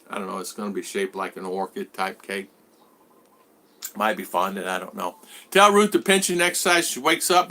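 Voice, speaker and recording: A man's voice: medium pitch, sharp tone. A man in his sixties hosting a casual live-stream vlog, rambling as he greets viewers by name and answers their comments. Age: 60s. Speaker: vlogger host.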